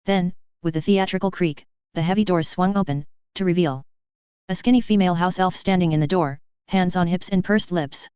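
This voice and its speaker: A woman reading fan fiction aloud in an even, measured storytelling voice. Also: on the low side, clear, resonant tone, no echo. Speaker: story reader. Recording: dull, lo-fi, dry.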